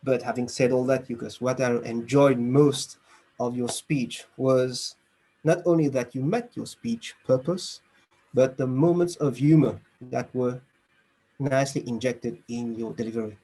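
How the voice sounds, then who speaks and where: A man at home on a video call gives a club speech evaluation in an even, mid-pitched voice. He is structured and encouraging, and he leans on pauses for emphasis. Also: slightly rough. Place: home room, speaking over a video call.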